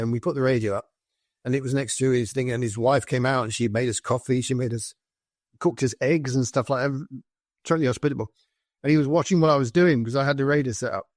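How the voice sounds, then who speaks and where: A British man on a podcast spins army anecdotes, acting out the people he met in little quoted exchanges. His voice sits at an ordinary middle pitch, and the sound is close and dry, with no room around it. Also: no echo. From Britain. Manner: animated anecdotes with quoted dialogue. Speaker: podcast guest, former soldier. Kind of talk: conversational storytelling.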